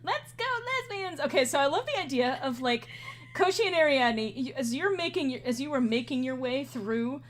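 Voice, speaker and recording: A woman's voice: sits high, fairly quick. Chatty woman running a tabletop game. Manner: animated, chatty, laughs often. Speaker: game master.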